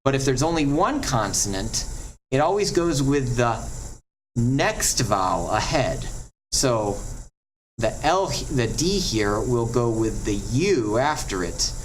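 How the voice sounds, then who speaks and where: A man teaching Latin pronunciation, talking at an unhurried, slow pace and stretching out each example word. His tone is chatty and encouraging, and there is a faint hiss under his voice. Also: mid-range voice, big pitch swings, rough recording. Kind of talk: classroom lesson on pronunciation.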